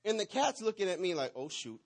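Animated man preaching a story. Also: high voice, fairly quick, a little hiss or hum. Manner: animated storyteller, swings from loud to hushed. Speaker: pastor. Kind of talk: sermon with personal story.

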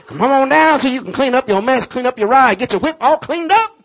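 A man preaching in a put-on late-night radio DJ voice, drawn out and booming, pitched well above his usual speech. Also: lively intonation, fairly quick, gravelly, a bit bright, heavily acted. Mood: hyped. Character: hyped late-night male radio DJ, smooth-talking. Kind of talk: sermon.

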